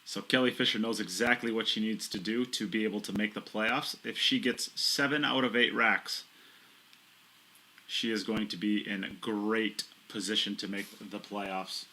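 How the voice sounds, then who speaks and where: Bright-voiced male pool commentator. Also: fairly low pitch, fairly even intonation, moderate pace, low-quality recording. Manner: chatty, self-mocking, explains shots in detail. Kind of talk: live sports commentary. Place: commentary booth.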